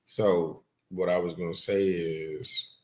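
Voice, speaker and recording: A man's voice: low voice, level tone, slow. A man co-hosting a podcast, laid-back and playful in casual chat, reading out listener comments. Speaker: podcast co-host.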